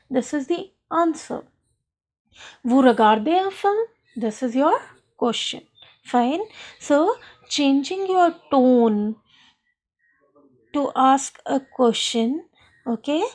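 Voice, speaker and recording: A woman teacher gives a recorded school lesson. Her voice sits fairly high and she speaks slowly. She explains patiently and keeps checking in with "fine". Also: a little mellow.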